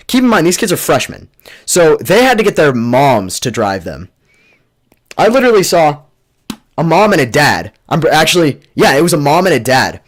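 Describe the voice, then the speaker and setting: A young man telling a story in a casual, rambling way, full of fillers and restarts, and getting animated as it builds. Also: medium pitch. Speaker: storyteller vlogger.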